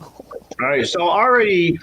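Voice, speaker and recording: A man with a sing-song, pushed, bright voice takes his time chatting casually and candidly about his past, laughing at himself and raising his pitch for quoted voices. There's slight background noise and the audio is poor.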